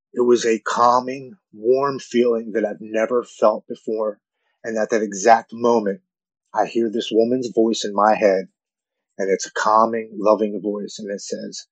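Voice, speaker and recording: A man in his forties telling a deeply personal story in an earnest, halting way, often repeating words when moved. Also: dry recording, rough recording. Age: 40s.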